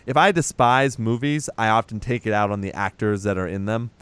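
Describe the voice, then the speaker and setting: Clear-voiced man recapping a film casually. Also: lowish voice, fairly even intonation, fairly quick, fairly bright tone, no room sound. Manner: rambling retelling with acted-out quotes and laughs. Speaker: podcast co-host recapping a movie. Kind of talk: casual chat.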